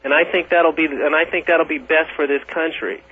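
A man's voice: on the high side, fairly even intonation, brisk, slightly rough. A man calling in to a talk radio show, arguing combatively and restarting his sentences as he pushes his point. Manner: combative, repeats his openings. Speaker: caller. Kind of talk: heated call-in debate. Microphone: telephone. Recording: tinny phone line.

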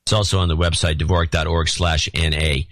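A man's voice: rumbling low, flat delivery, fairly quick, a bit bright, no room sound. Dry, sardonic middle-aged man. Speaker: podcast co-host reading donor notes. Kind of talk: casual chat.

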